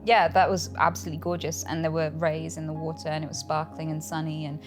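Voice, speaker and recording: A woman's voice: sits low, fast talker, music in the background. A young British woman, an interview guest, telling stories in casual chat, acting out quotes and laughing often. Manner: animated storytelling, acts out quotes, laughs often.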